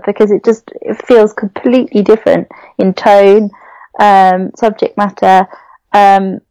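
A young Englishwoman talks casually about a novel, frank and critical in her opinions. Her voice is mellow and warm. The sound is close and dry. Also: medium pitch, flat delivery, moderate pace, dry recording, rough recording. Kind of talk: casual book discussion.

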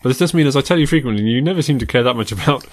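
A man's voice: mid-range voice, lively intonation. A man from England in casual chat, enthusiastic and jokey, teasing his friend. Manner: enthusiastic, jokey, quick to tease. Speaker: podcast co-host.

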